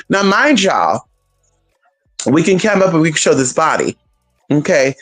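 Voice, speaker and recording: A woman's voice: low-pitched, soft background music. Woman vlogging, sassy and cussy, voice jumps up and down a lot, story-time gossip. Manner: sassy, profane, animated gossip with drawn-out pauses. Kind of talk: casual storytelling to viewers.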